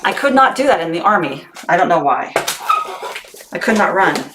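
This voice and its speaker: A woman's voice: on the low side, sing-song, moderate pace, noisy background. Chatty laughing woman livestream host. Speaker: livestream host packing orders. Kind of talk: casual livestream chat.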